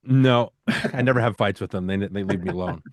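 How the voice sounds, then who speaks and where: A man with a somewhat low voice talks in loose, rambling podcast chat, full of fillers and easy laughs. His sound is dry and close, with no room around it. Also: brisk, no echo. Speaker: podcast co-host. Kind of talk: casual film-discussion chat.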